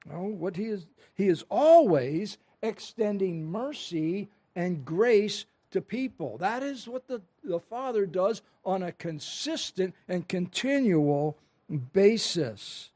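High-voiced man preaching a sermon. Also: animated, slow, warm tone. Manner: earnest, emphatic preaching with scripture reading. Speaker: pastor.

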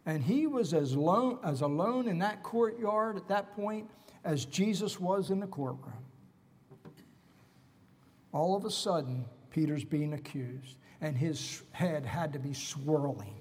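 A man preaching a sermon dramatically, swinging between loud emphasis and hushed whispers. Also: fairly high pitch, expressive, unhurried, big-room sound.

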